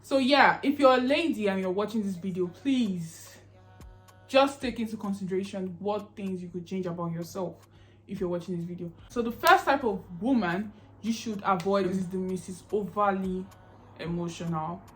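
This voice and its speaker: A woman's voice: mid-range voice, moderate pace. A young woman talking casually to camera in an advice vlog, chatty and emphatic, often repeating herself. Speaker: YouTube vlogger.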